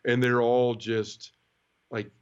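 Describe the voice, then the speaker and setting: A middle-aged man tells his story of faith in an earnest, heartfelt way. He stumbles and repeats words when emotion catches him. His voice sits at an ordinary pitch and comes through a slightly dull, lo-fi recording. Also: little pitch movement, slow pace, smooth. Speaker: interview guest. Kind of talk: emotional personal testimony.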